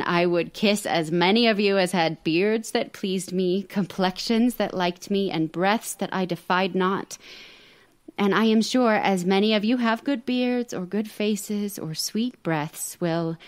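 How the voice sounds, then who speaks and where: An American actress reading a witty young woman's stage epilogue aloud, with measured, theatrical emphasis. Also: medium pitch, natural voice.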